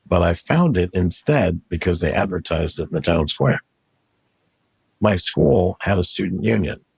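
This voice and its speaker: Blunt male interviewee, gravelly and husky, dry close recording. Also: sits low, animated, normal speed, darkish tone, no echo. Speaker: interviewee telling his testimony. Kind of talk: storytelling interview.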